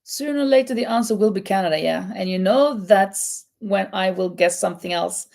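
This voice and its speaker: A woman's voice: medium pitch, normal speed, vocal fry, darkish tone. A woman hosting a live crochet chat, reading out quiz questions and answering viewers, laughing often. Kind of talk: casual live-stream chat.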